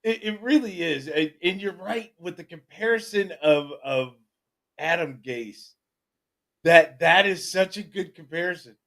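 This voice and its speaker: A man co-hosting a sports talk show, agreeing in a halting way and repeating words as he starts. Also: high voice, fairly bright tone. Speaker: sports podcast co-host.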